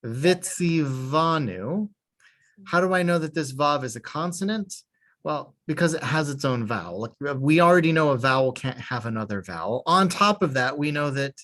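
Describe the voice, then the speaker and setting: A man's voice: medium pitch, a bit bright. A man leading a beginner class, patient and methodical. He breaks each point into small steps and slips in a dry joke now and then. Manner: patient, explains step by step with small jokes. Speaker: Hebrew teacher. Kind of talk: online class instruction.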